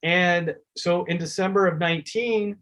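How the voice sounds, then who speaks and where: A man's voice: high-pitched, steady tone, a little slow, fairly bright tone. Heartfelt male author telling stories. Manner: heartfelt, acts out quoted exchanges. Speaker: children's book author, guest. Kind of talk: conversational interview storytelling.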